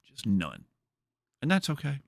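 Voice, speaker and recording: A man's voice: mid-range voice, huge pitch swings, a little slow, creaky, no room sound, clean studio sound. A man hosting a livestream, chatting casually and rambling with jokes to his viewers. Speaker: streamer host.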